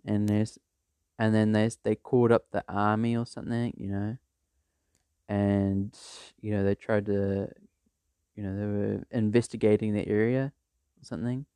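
A man's voice: on the low side, level tone, normal speed, warm tone, clear, resonant tone, dry recording. A man telling a made-up story in a rambling, casual way, full of fillers and restarts. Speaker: vlogger.

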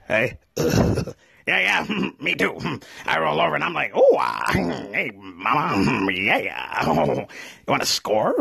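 A man's voice: medium pitch, gravelly, fairly bright tone, slightly rough, no room sound, heavily acted. A man doing impressions of two snickering, dim-witted teenage cartoon boys, full of dopey grunts and laughs.

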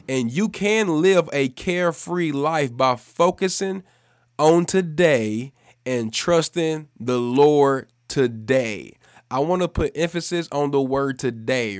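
A man preaching a devotional sermon for a podcast, emphatic and repeating key phrases for stress, speeding up and slowing down to drive points home. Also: on the high side, no echo, studio quality.

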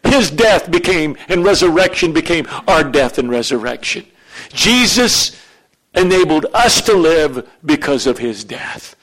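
A man's voice: on the high side, big pitch swings, unhurried, fairly bright tone. A middle-aged man preaching a sermon as pastor, acting out questions from the congregation and answering them.

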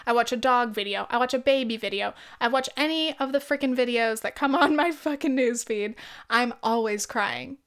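A woman's voice: on the high side, fairly bright tone. A young woman hosting a casual solo podcast, chatty and candid, swearing freely and laughing often. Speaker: podcast host. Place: lives in the UK.

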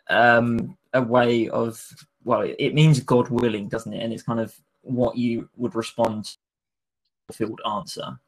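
A man hosting a laid-back podcast, putting questions to his co-host. His voice sits at a middle pitch, and his delivery is conversational and a little hesitant. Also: fairly bright tone. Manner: conversational interviewer, poses questions, hesitant with ums. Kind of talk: casual podcast discussion.

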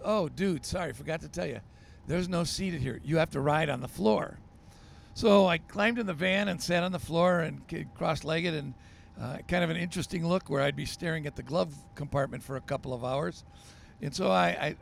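A man, a pastor, telling stories on a podcast in a lively, animated way with frequent ums and uhs. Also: fairly high pitch, vocal fry, slight background noise. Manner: animated storyteller with many fillers. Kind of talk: storytelling on a podcast.

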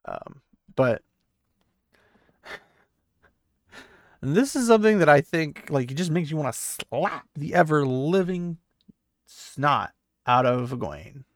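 A man's voice: a little high, big pitch swings, slow, pauses often, dry recording. A man casually retelling a story and commenting on it, sarcastic and exasperated, laughing often. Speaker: book reaction host.

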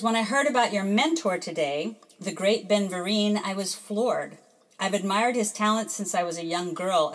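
A woman hosts a podcast in a loose, chatty way, reading out messages from listeners and drifting into her own stories. She pokes fun at herself as she goes. Her voice sits in an ordinary middle pitch. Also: rough recording. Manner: chatty and self-deprecating, laughs often. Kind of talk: casual chat.

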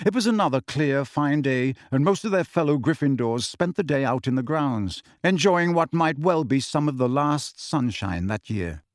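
This man narrates a scripted audiobook expressively, like a storyteller, in a mid-range voice at a moderate pace with hardly any pauses. The recording is dry and studio quality.

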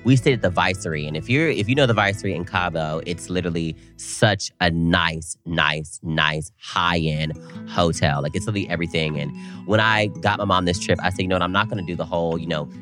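A man co-hosting a podcast, telling a story in a casual, animated way with playful slang. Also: sits low, a little fast, soft background music. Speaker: podcast co-host. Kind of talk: casual chat.

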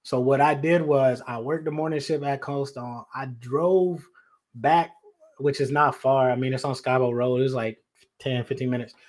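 A man with a drawl spins a story in a loose, chatty way. His voice sits at an ordinary middle pitch. He keeps turning to his listeners with asides as he talks out on location. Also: steady tone, normal speed, a little mellow. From North Carolina. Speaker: podcast host and life coach. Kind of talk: casual storytelling. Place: out on location in his childhood neighborhood.

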